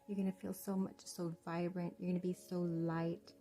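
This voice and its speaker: A woman giving a pick-a-card tarot reading straight to the viewer, gentle and reassuring, calling them "love". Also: lowish voice, little pitch movement, moderate pace, soft background music. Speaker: tarot reader.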